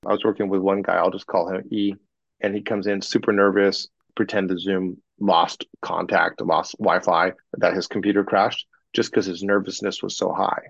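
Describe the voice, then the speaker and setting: Gravelly low-voiced man coaching, telling stories. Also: normal speed, no room sound, lo-fi sound. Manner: animated anecdotes, acts out clients in quoted voices. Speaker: communication coach. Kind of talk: podcast interview, storytelling.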